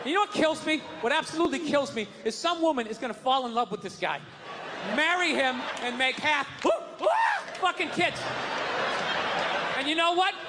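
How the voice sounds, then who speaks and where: A man doing a stand-up set, telling a profane, animated story and mimicking panicked noises. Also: very high voice, moderate pace, noisy background. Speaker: stand-up comedian. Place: comedy club stage. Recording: live club with loud crowd laughter.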